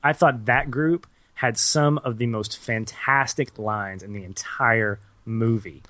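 A man co-hosting a podcast, discussing a film in a measured, thoughtful way with the odd chuckle. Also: mid-range voice, bright, forceful tone. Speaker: podcast co-host. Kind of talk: casual movie review chat.

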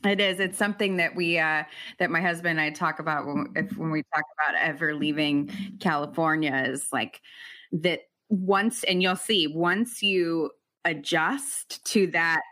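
A woman interviewer with a low-pitched but sharp, bright tone. She chats loosely, laughs a lot and lets her sentences trail off. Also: steady tone, unhurried. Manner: chatty, laughs often, trails off mid-sentence. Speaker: podcast host. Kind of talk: casual interview chat.

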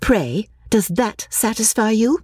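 A woman's voice: fairly high pitch, animated, takes it slowly, darkish tone, slightly rough, no room sound, studio quality, voice pushed up, heavily acted. A woman voicing a placid but fussy, snobbish middle-aged mother in a dramatic reading of a classic novel. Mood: fussing.

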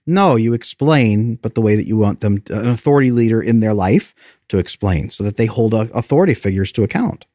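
A man in his thirties giving earnest parenting advice, explaining his points and repeating them for emphasis, his voice jumping up when he gets animated. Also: lowish voice, fairly quick, no room sound, clean studio sound. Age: 30s.

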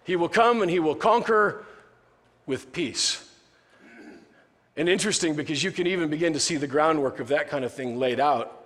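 A man's voice: a little high, moderate pace, long pauses, a bit bright, long reverb tail. A male pastor giving a sermon in a conversational, joking way, often restarting his sentences.

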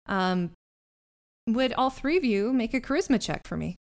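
A woman's voice: fairly high pitch, lively intonation, normal speed. A woman narrating as game master in a tabletop game, with loose, filler-heavy phrasing.

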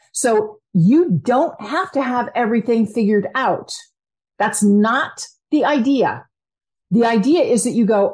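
Upbeat, animated woman giving pep talk. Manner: upbeat, enthusiastic, speaks directly to listener; acts out quoted inner voices with big pitch jumps. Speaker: podcast host and coach. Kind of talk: motivational self-help talk.

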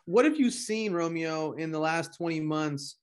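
A man's voice: fairly high pitch, animated, a little slow, smooth. A man co-hosting a podcast interview, talking casually and bluntly, swearing freely. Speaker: podcast co-host.

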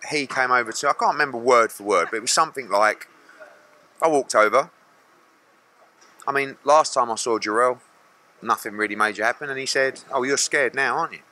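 A man's voice: mid-range voice, fairly quick, long pauses, pushed and bright. A middle-aged man, a boxing promoter answering press questions bluntly and acting out other people's lines.

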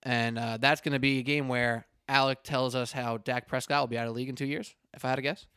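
A man in the host's chair of a casual sports podcast, talking loosely and joking, with plenty of restarts and asides. His voice is smooth and resonant, recorded dry and close with no room sound. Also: medium pitch, little pitch movement, quick pace, pushed and bright, dry recording. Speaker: podcast host. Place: indoors at a table with a co-host.

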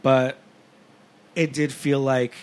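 A man's voice: medium pitch, little pitch movement, takes it slowly. A man co-hosting a podcast in casual chat, giggly and chatty with lots of fillers. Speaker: podcast co-host.

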